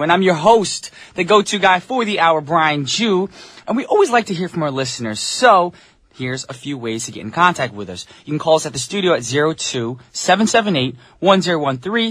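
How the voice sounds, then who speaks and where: A man's voice: fairly high pitch, a bit bright, slightly rough, dry recording. A man hosting a morning radio show from the studio, chatting casually and upbeat with listeners. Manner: upbeat, chatty, quick asides. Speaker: radio DJ host. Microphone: studio mic.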